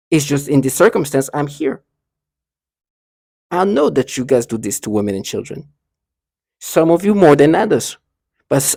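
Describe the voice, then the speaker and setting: A man talking to camera in a rambling, halting monologue, restarting and repeating himself often. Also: fairly high pitch, creaky, a little mellow, husky, no room sound, studio quality. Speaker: vlogger.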